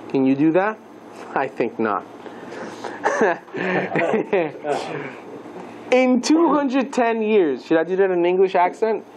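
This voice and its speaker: A man teaching a class as a rabbi, lively and playful, asking the listeners questions and mixing Hebrew terms into his lesson. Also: sits high, slight background noise, low-quality recording.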